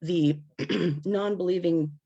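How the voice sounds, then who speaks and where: An earnest panel speaker talks in halting bursts, stopping to search for words and filling gaps with lots of fillers. The voice has a gravelly, creaky edge and sits in a middle pitch. It comes over a video call with a dry, close sound and no room echo. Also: warm tone, dull audio. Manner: earnest, with nervous laughs. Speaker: panel speaker at a campaign discussion. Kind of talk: unscripted discussion.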